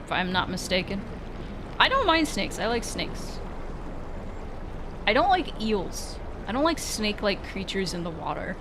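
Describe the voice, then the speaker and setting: A woman's voice: mid-range voice, very animated, unhurried, pauses often, noisy background. A woman casually commenting while playing a horror game, sarcastic, swearing often and sometimes faking scared squeals. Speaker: gaming streamer. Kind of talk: casual let's-play commentary.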